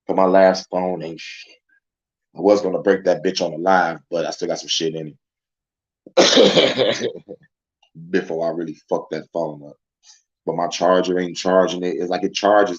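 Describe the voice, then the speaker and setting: A man's voice: low voice, lo-fi sound. A man hosting a casual livestream, ranting and rambling in heated, profane commentary. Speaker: livestream host. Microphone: phone.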